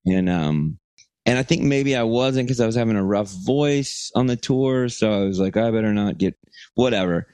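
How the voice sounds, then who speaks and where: A man's voice: medium pitch, animated, normal speed, a little mellow, smooth, dry recording. A man from Texas co-hosting a podcast, telling a rambling, profane anecdote and acting out quotes in a casual chat. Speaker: podcast co-host.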